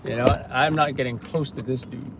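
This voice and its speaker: A man's voice: medium pitch, fairly even intonation, a little fast, heavy background noise. Young guy from kazakhstan joking around on a livestream from his car, reading comments, average voice. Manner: joking, reads out viewer comments. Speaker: livestream street news reporter. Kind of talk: casual livestream chat. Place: inside a parked car.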